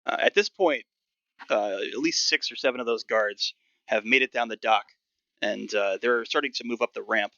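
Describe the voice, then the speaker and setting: Gm guy narrating a tabletop game, gravelly bright voice, lo-fi dry mic. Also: mid-range voice, moderate pace, dry recording. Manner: relaxed, loose narration with many fillers. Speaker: game master.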